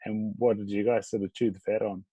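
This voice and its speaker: Male podcast host, low husky voice, relaxed rambling questions, dry mic. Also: a little fast, no echo. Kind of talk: casual interview.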